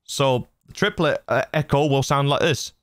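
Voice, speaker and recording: A man's voice: medium pitch, moderate pace, a bit bright, no room sound. Chatty man demoing mic effects, dry sound. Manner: chatty, laughs at his own silliness. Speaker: host demonstrating audio gear. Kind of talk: casual tutorial walkthrough. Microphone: studio broadcast mic.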